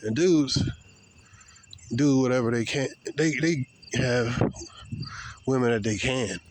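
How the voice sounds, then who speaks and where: A man's voice: mid-range voice, slow pace. A man giving a blunt, rambling opinion monologue while walking outdoors, with many fillers and repeated words. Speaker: vlogger. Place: outdoors, walking past people.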